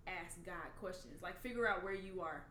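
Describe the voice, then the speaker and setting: A woman hosting a casual faith conversation who affirms her guest and asks gentle questions. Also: lowish voice, normal speed. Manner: affirming, encouraging interviewer. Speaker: podcast host. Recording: echoey room, faint noise.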